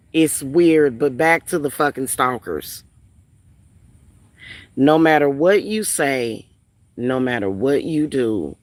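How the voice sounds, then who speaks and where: A woman's voice: a bass voice, no echo. A woman vlogger ranting casually at home, blunt and profane, repeating phrases for emphasis. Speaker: spiritual reader and vlogger.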